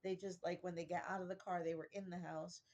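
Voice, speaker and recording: A woman's voice: on the low side, flat delivery, quick pace, darkish tone. A woman vlogger telling a rambling, chatty anecdote from her bed in a casual storytelling style. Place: in her bedroom, sitting in bed.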